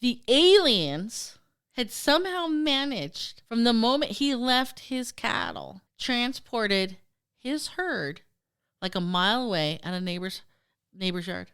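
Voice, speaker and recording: Woman podcast host, bright and smooth, swings her pitch a lot, swears freely. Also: takes it slowly. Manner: animated, profane, acts out quoted voices. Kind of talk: casual storytelling chat.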